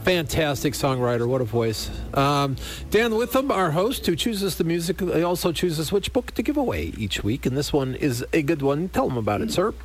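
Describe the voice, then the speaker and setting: A man's voice: a little high, big pitch swings, moderate pace. A man co-hosting a radio show, chatting casually and reading promos and station breaks. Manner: friendly, reads promos and station IDs. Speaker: radio co-host.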